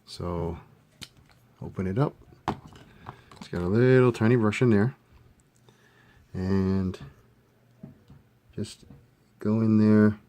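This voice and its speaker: A man giving a casual hands-on modeling tutorial, thinking aloud with relaxed fillers as he works. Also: on the low side, slow, pauses often. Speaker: scale model hobbyist demonstrating a kit build.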